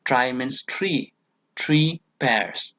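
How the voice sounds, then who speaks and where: A man with an Indian English accent, a college English lecturer explaining verse meter slowly and patiently and checking in with "okay" again and again. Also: medium pitch, fairly bright tone. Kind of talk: recorded classroom lecture. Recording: dull lo-fi audio.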